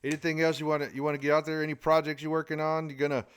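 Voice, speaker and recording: A man's voice: fairly high pitch, little pitch movement, racing, a bit bright, smooth. A man hosting a podcast, chatting casually and joking with his guest. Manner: joking, folksy, lots of restarts. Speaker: podcast host. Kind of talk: casual interview chat.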